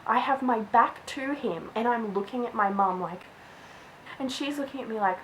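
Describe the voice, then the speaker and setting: A woman's voice: a little high, normal speed, slight background noise, low-quality recording. A young woman vlogger chatting through a storytime, filling her talk with "like". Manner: chatty, lots of "like". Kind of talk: storytime vlog.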